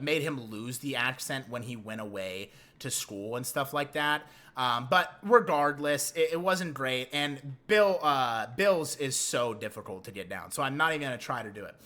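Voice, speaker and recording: A man giving a casual film review, retelling scenes in an excitable, profane and animated way. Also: medium pitch.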